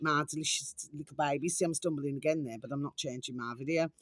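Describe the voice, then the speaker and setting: Talking casually to camera, this woman from England rants chattily and repetitively, frequently addressing viewers as "my delicious little babies." Her voice sits low and moves at a quick pace, with no room sound.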